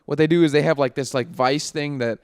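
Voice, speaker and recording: A young man co-hosting a podcast, retelling a story with animated, profane energy in casual chat. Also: on the high side, fairly quick, clean tone, dry recording, studio quality. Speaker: podcast co-host.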